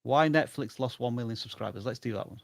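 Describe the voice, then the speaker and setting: A man's voice: medium pitch, quick pace, creaky, no room sound, clean studio sound. A man co-hosting a live-stream of channel reviews, chatting in an easygoing, wry way. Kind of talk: casual live-stream banter.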